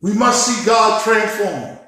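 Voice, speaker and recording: High-voiced preaching man, slow and shouting. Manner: rising to shouts in preaching cadence. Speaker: bishop preaching. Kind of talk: sermon. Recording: very echoey room.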